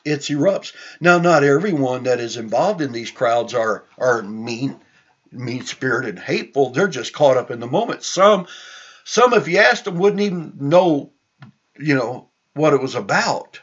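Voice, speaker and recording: Male preacher, unhurried and husky, reading scripture then musing aloud, on a dull lo-fi recording. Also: medium pitch, animated, a bit bright. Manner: slow, conversational, with frequent restarts and asides.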